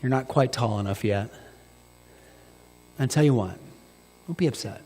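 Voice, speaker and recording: A man voicing a gentle, patient father who speaks softly and reassuringly to his young son. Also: moderate pace, husky, poor audio. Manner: soft, low and reassuring.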